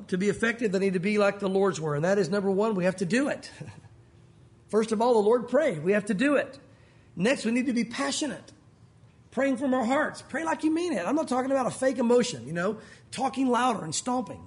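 A man preaching a sermon as pastor, animated and earnest, his voice rising and falling. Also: high voice, fairly quick.

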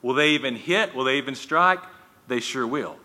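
Male pastor, sharp and bright tone, casual sermon delivery with restarts, long hall reverb. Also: medium pitch, normal speed. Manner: conversational, with frequent restarts and folksy asides.

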